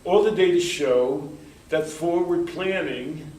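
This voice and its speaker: A man's voice: on the high side, slow, darkish tone. Man lecturing from far off in a roomy hall. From United States. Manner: rambling, anecdotal, acts out quoted dialogue. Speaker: workshop speaker. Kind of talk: conversational lecture. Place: workshop room. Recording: roomy, distant mic in a hall.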